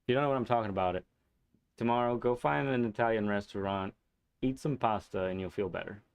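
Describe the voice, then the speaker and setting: A laid-back man hosts a live game stream, answering chat in a loose, meandering way with plenty of fillers and soft chuckles. His voice sits somewhat low. The sound is close and dry, with no room around it. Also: fast talker, creaky, smooth, no room sound. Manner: relaxed and rambling, with many fillers and chuckles.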